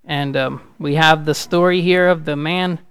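A man giving an informal, halting sermon, speaking with a gravelly voice that rises loud and urgent at points. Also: fairly high pitch, fairly even intonation, dry recording. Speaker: preacher.

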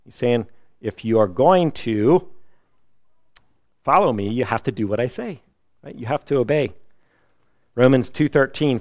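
Middle-aged pastor guy preaching, punchy and animated, dry close mic. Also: medium pitch, unhurried, long pauses, no echo. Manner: animated preaching, acts out quoted voices. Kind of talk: sermon.

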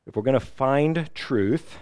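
A middle-aged man preaching a sermon, lively and emphatic, now and then acting out the people he quotes. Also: mid-range voice, measured pace, smooth, no echo. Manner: animated preaching, acts out quoted voices. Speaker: pastor.

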